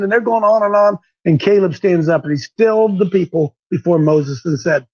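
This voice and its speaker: A man leading a group Bible discussion, animated, who slips into strained cries when he acts out characters. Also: high voice, normal speed, hardly any pauses, highs cut off. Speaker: Bible study leader, called coach.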